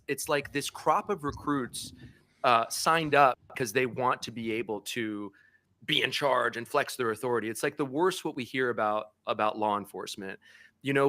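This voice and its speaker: A man with a bright, forceful voice, talking as a guest journalist in an earnest, impassioned way. His voice climbs and wavers as feeling takes over, and he speaks with conviction. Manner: earnest, grows impassioned and tearful, pitch rising. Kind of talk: emotional conversation.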